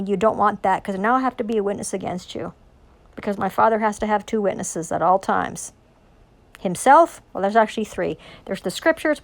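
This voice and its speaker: A woman of ordinary pitch preaches at length about scripture in an intense, rambling monologue. She swears freely and drives her points home with rhetorical questions. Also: vocal fry. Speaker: self-styled religious preacher.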